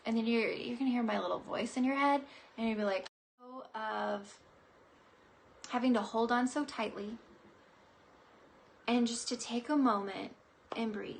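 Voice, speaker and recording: A woman's voice: a little high, normal speed, pauses often, a bit bright, slight background noise. A woman psychic giving a live-streamed oracle card reading, bubbly and giggly in a chatty way. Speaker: psychic reader.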